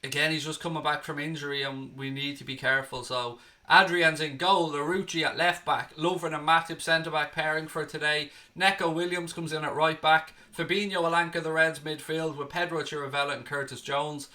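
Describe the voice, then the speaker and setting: Sex: man. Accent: Irish. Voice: bright, chatty. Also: on the high side, steady tone, fairly quick, few pauses. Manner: chatty, reads out viewer comments and answers them, swears casually. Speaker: live stream host. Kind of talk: casual live watchalong chat.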